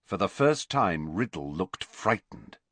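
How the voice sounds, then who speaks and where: A man giving a deliberate scripted audiobook narration in an even storytelling manner. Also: sits low, dry recording.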